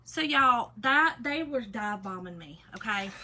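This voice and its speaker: A woman's voice: on the high side, animated, unhurried, sharp tone, poor audio. A woman, hosting a casual craft livestream, telling a story and greeting viewers by name. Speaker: livestream host. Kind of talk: casual livestream chat while painting.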